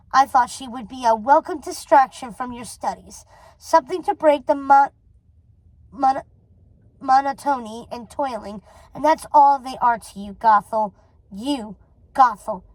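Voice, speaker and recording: A woman's voice: high-pitched, unhurried, dry recording, rough recording. Woman doing a cold, possessive old witch mother. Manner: icy and scornful, then doting.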